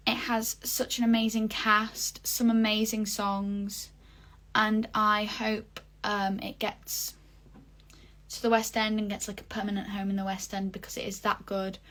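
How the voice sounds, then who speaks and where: A young woman talking casually in a vlog, reviewing a stage show with gushing enthusiasm and lots of fillers. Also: medium pitch. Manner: chatty, gushing, many fillers. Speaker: vlogger.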